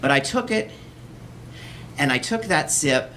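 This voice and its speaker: Texas guy telling a story live on a cabaret stage, wry and animated, keeps laughing, faint hiss in the room. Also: on the high side, unhurried. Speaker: storytelling show host. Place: cabaret stage before an audience.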